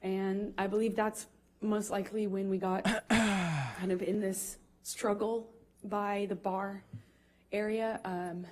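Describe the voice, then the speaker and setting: Emotional woman testifying, halting speech. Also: medium pitch, little pitch movement, a little mellow. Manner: halting, emotional recounting with fillers. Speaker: witness testifying. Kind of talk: courtroom testimony.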